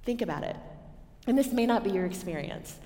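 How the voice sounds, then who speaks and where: A woman with a Texan accent preaching a sermon to a women's gathering, telling stories and swinging between loud and hushed moments. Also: mid-range voice, animated, brisk. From Texas. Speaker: women's ministry speaker. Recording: echoey hall with long reverb.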